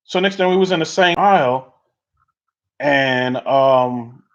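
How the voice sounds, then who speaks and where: Middle-aged male streamer, casual rambling storyteller, average pitch, dull lo-fi audio. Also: slow. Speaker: livestream host. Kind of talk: casual chat reading viewer comments.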